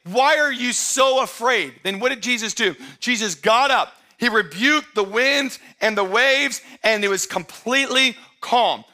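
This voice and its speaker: A man preaching a sermon as pastor, talking straight to his church in a conversational way and often rising to emphatic, shouted excitement. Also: high-pitched, measured pace, hardly any pauses. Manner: conversational, addresses the congregation directly.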